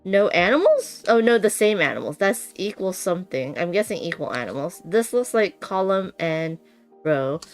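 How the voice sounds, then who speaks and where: Woman chatting and giggling while she unboxes a board game, voice bounces up and down a lot, quiet music behind. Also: fairly low pitch, sing-song, normal speed. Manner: chatty, giggly, thinks aloud. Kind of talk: casual unboxing chat.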